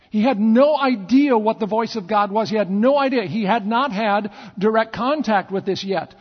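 A pastor telling stories in a sermon, with repeated phrases and dramatic pauses. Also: male voice, high-pitched, expressive, slightly rough. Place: church sanctuary. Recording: long church reverb, dull lo-fi sound.

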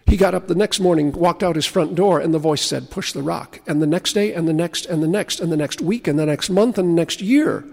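A man preaching a sermon in a notably high voice. He tells stories and slows, dropping to a hush to stress key words. The sound carries a long, spacious reverb. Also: creaky. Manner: storytelling preacher, slows and drops to a hush for emphasis. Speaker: pastor.

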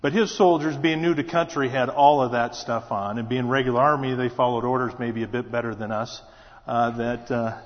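A middle-aged man from South Dakota tells a personal story to a congregation in a plainspoken, steady manner, now and then restarting a phrase. His voice sits at an ordinary pitch. The recording sounds dull and lo-fi, with a long reverb from the church hall. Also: a little fast. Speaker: school superintendent. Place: church sanctuary.

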